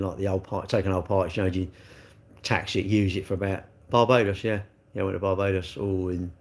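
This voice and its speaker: Man, middle-aged, live-stream host, casual rant, rhetorical questions. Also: sits low. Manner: chatty, ranting with rhetorical questions.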